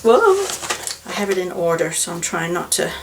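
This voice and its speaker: A woman's voice: lowish voice, flat delivery, fast, background noise. A woman chatting casually as a knitting vlogger, rambling with many fillers and asides. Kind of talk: casual chat to camera.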